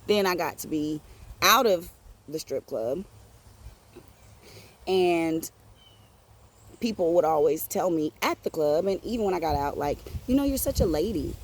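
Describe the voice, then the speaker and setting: Animated, profane woman storyteller. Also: deep voice, a little slow, pauses often. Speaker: podcast host. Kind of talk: personal storytelling.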